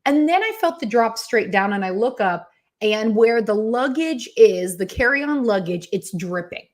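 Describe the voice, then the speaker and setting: A woman giving a casual motivational talk, telling a personal story with lively quoted asides. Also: on the high side, measured pace. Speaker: motivational speaker.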